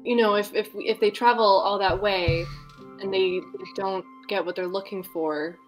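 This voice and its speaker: Woman, tabletop player, mid-pitched, earnest, questioning. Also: fairly even intonation, measured pace, soft background music, low-quality recording. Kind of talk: casual chat at a tabletop game.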